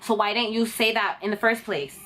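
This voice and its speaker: A woman's voice: medium pitch, moderate pace. A young woman telling an indignant story to camera in a casual vlog. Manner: animated and indignant, talks to camera. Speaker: vlogger.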